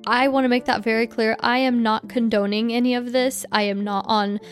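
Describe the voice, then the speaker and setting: A woman co-hosting a podcast, reacting with nervous jokes and quiet dread. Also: on the high side, flat delivery, a little fast, soft background music. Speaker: podcast co-host. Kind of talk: casual podcast chat.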